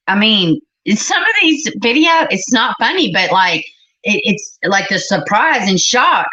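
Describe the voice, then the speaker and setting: Through a slightly muffled recording, a middle-aged woman running a livestream responds to her live chat in a blunt, exasperated way. Her voice is medium-pitched with a sharp tone.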